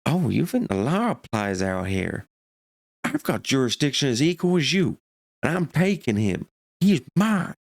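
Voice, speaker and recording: A man voicing an unhinged male bounty hunter who speaks slowly and menacingly, then rises to shouting. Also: mid-range voice, sing-song, no room sound, clean studio sound, voice pushed up. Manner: slow and threatening, rising to shouting.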